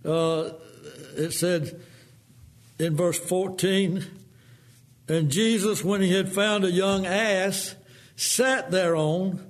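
Guy preaching a sermon, slow drawl, high-pitched, plays out quotes in a lower voice.

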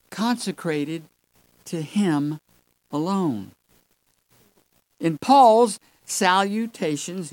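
Slow, emphatic Bible preacher, dry sound. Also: medium pitch, no echo, poor audio. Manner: emphatic, repeats key words for stress; addresses listeners as folks. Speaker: Sunday school preacher. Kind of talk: Bible teaching sermon.

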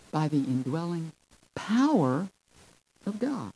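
Slow, emphatic male preacher. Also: on the high side, expressive, no room sound, rough recording. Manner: emphatic, drawn-out phrases with sudden swells in loudness; addresses the audience as folks and friends. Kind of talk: sermon.

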